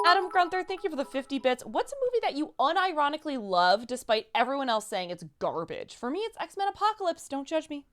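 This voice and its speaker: A woman's voice: high voice, fast, few pauses. A woman co-hosting a casual livestream chat, reading out viewer messages and questions. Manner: lively, reads donor messages.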